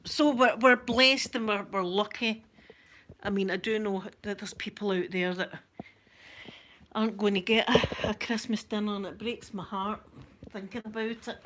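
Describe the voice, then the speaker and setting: A woman's voice: mid-range voice, steady tone, normal speed, fairly bright tone. Scottish woman, casual chat, laughs a lot, self-mocking, faint background noise. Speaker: vlogger chatting with viewers. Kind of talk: casual live-stream chat.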